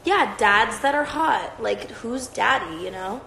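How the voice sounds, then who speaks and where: A woman's voice: a little high, lively intonation, slow, gravelly, sharp tone, a little hiss or hum. A woman hosting a livestream, chatting in a rambling, profane, casual way. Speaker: livestream host. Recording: roomy echoey sound.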